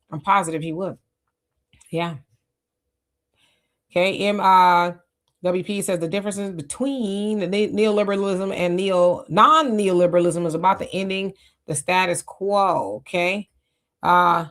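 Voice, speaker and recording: A middle-aged woman with a mid-range voice hosts a live stream, reading viewer chat comments aloud. Her talk is loose, conversational, and reflective, full of fillers and restarts, and her mouth is dry from fasting.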